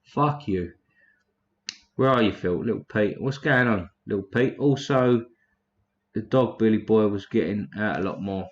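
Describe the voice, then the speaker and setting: A man's voice: on the low side, unhurried, lo-fi sound. A man hosting a casual livestream, reading chat names aloud in a blunt, profane way.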